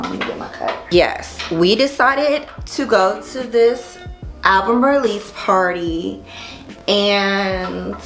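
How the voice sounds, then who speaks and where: A woman chats animatedly to her camera as she works on a wig, swearing casually as she tells a story. Her voice bounces around an echoey room, and soft music plays underneath. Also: medium pitch. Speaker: hair vlogger.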